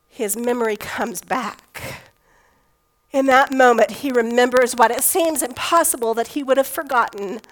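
A woman's voice: sits high, low-quality recording. A woman pastor preaching a sermon in a conversational storytelling way, with touches of folksy humor.

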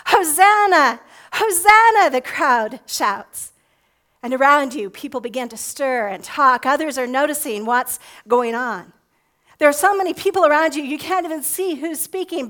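A woman pastor giving a sermon, gently leading listeners through an imagined scene. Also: high voice.

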